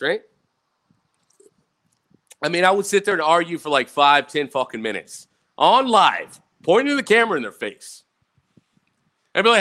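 A man's voice: a little high, sing-song, normal speed, pauses often, pushed and bright. Profane rambling man telling stories. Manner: profane, rambling, keeps asking "right?". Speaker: vlogger. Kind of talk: casual rambling storytime.

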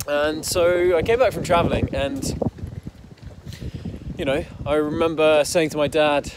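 A man's voice: fairly high pitch, unhurried, long pauses, background noise. A young man from the English Midlands telling his own backstory in a casual, rambling way, full of fillers and heated swearing. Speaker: entrepreneur telling his story. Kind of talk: casual personal storytelling.

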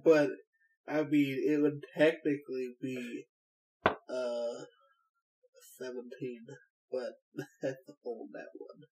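A man's voice: medium pitch, level tone, slow, long pauses, mellow, low-quality recording. Playful, laughing man at a game table. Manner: laughs easily, swears, playful. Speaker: player.

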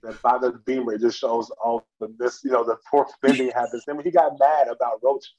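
A man co-hosting a casual podcast chat, reflective and quick to laugh. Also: medium pitch, flat delivery, darkish tone, husky. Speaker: podcast co-host. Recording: muffled lo-fi mic.

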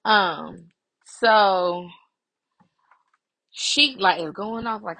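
A woman with a gravelly, husky voice tells the story of a reality show in a loose, cursing chat. She acts out each person's lines as she goes. The sound is close and dry. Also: medium pitch, slow, long pauses, no echo, low-quality recording. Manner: profane, animated retelling with quoted voices. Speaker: podcast host. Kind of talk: casual reality-show recap.

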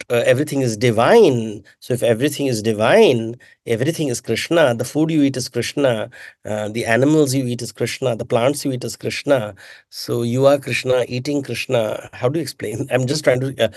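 Animated man, dry close sound. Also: mid-range voice, dry recording. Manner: animated, emphatic, rhetorical questions, self-interrupting. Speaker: author and mythologist guest. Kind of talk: conversational interview answers.

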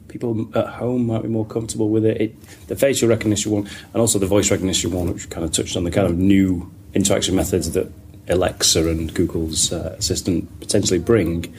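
A man in a casual podcast discussion who restarts his sentences as he works through a point. His voice is fairly low. A faint background hiss runs under it. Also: a little mellow. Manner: thinking aloud, restarts often. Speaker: podcast co-host.

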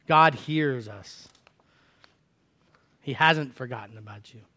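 A man preaching a conversational sermon as a pastor, swinging from loud, dramatic cries to hushed, low lines. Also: takes it slowly. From United States.

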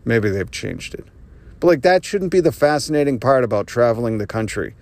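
A man in the middle of a solo podcast rant, talking at an ordinary mid pitch. He rambles from point to point, sarcastic and full of swearing. It sounds like an unscripted monologue. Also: sing-song, brisk, a little mellow. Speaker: podcast host. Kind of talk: ranting monologue.

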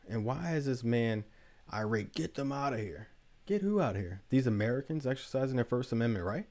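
A podcast host with a medium-pitched, slightly mellow voice tells a story in a casual monologue. He fills it with rhetorical questions.

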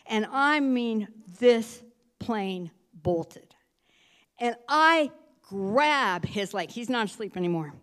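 Animated woman telling a church testimony. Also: on the high side, smooth. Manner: animated storytelling, reads scripture slowly. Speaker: church speaker sharing a testimony.

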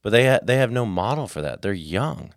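Podcast co-host, male, low-pitched, tells stories acting out the voices, dry studio mic. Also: fairly quick, no room sound. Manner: animated storyteller acting out dialogue. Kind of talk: casual chat, storytelling.

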